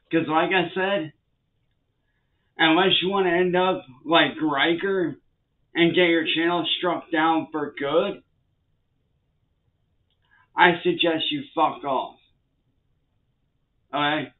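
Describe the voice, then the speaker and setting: A man ranting angrily to the camera, swearing and repeating threats and warnings at people he calls trolls. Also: fairly high pitch. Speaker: vlogger. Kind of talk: angry rant to the camera. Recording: tinny phone-like sound.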